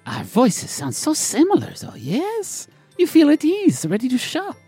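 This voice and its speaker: A man's voice: wildly swooping pitch, measured pace, dark tone, faint music behind, full character voice. A man doing a sly French-tinged catfish lady. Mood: sly welcoming. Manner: theatrical, purring, swoops high and low. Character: sly female catfish shopkeeper with mock French airs. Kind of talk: tabletop role-play.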